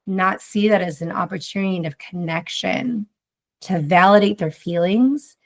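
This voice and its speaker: A woman's voice: fairly low pitch, steady tone, normal speed. A woman guest on a podcast talking casually about motherhood, rambling and reflective, with many fillers. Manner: rambling, heavy use of "like", reflective. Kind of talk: casual conversation.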